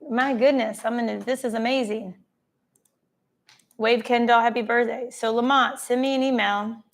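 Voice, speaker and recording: Woman, live-stream host, casual chat, gushing, gravelly, fairly high. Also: fairly even intonation, moderate pace. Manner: effusive, gushing, thanks viewers by name. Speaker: livestream host reading viewer comments. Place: travelling, streaming from a holiday spot.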